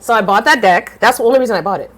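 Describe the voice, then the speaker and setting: A woman in her thirties, a podcast guest telling her story in a lively, blunt way, swearing casually and switching voices when she quotes people. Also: rapid-fire, slight background noise. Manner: animated, swings pitch widely when quoting others.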